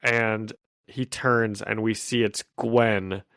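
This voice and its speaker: A man co-hosting a podcast, excitedly recapping a comic issue in casual chat, thinking aloud and laughing easily. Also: fairly low pitch, slow, dry recording. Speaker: podcast co-host.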